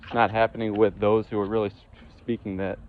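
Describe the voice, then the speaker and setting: A man's voice: on the low side, little pitch movement, quick pace, phone-quality sound, a little hiss or hum. A man delivering a heated, profane monologue, often restarting and repeating himself. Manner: repetitive, stumbling restarts. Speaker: vlogger. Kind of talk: angry monologue to camera.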